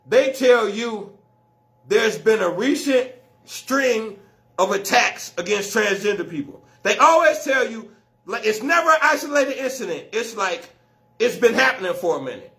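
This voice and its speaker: High, bright-voiced male stand-up comic. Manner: loud, animated storytelling, laughing through his own jokes; profane and slangy. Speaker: stand-up comedian. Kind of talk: stand-up comedy routine.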